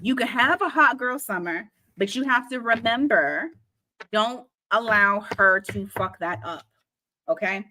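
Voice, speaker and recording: A woman's voice: medium pitch, pushed and bright. Blunt, laughing tarot reader woman. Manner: blunt, swears freely, laughs often, slows to stress advice. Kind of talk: casual tarot reading to camera.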